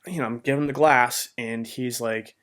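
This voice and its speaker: With a medium-pitched, fairly bright voice, steady tone and moderate pace, a man recounts his faith testimony on his podcast. He is an adult who has had a marriage, and he speaks in a rambling, heartfelt manner full of "man" and "you know."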